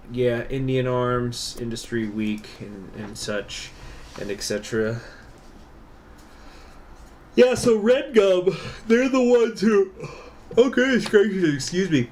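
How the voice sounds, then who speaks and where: Man, game streamer, slow, rambling, digressive, faint background noise. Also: lowish voice. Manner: rambling, digressive, filler-heavy. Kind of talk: casual gameplay livestream commentary.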